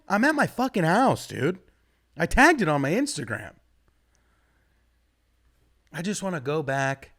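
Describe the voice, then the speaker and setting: A young man works through a stand-up set in a rambling, foul-mouthed way. His fairly high voice swings widely in pitch and leaps into loud outbursts. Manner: profane, rambling, animated delivery with sudden loud jumps. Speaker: stand-up comedian.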